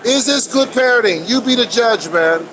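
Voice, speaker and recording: A man's voice: very high-pitched, animated, normal speed, a bit bright, rough recording. A man guest on a livestream panel, cursing and fired up as he speaks over a video call. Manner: profane, fired-up. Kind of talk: casual livestream panel chat.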